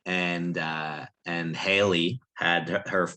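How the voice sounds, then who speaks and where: Male co-host, low voice, bright tone; chatty and hesitant with ums. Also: fairly even intonation, slow pace. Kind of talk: casual chat. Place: church.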